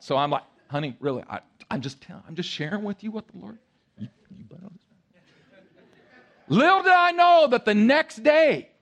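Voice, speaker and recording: A male pastor preaching a sermon, telling a story in a lively way and acting out voices and sounds. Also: high voice.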